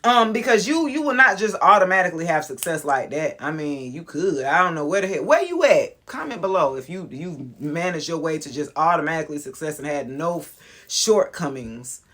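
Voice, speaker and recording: A woman in her forties giving a casual motivational talk to her viewers, frank and animated, with slang and cursing and frequent laughter. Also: deep voice, brisk. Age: 40s. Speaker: motivational vlogger.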